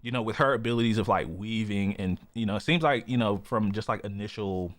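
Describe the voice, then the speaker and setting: A man's voice: on the low side, brisk, no echo. A man co-hosting a podcast in casual chat, rambling with lots of "you know" and "like" fillers. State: has the hiccups. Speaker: podcast co-host.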